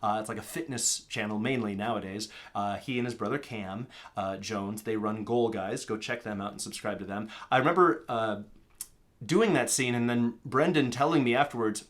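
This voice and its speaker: A man's voice: lowish voice, normal speed, a bit bright. An American man from Minnesota giving a casual, rambling language lesson. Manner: chatty, rambling, with fillers and digressions. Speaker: language teacher.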